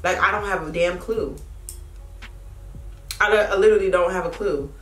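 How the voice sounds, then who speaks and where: A woman's voice: fairly low pitch, moderate pace, fairly bright tone, distant mic, faint music behind. A young woman vlogger chatting casually and frankly while getting ready, with lots of swearing and fillers. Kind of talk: casual get-ready-with-me chat. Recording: echoey room sound.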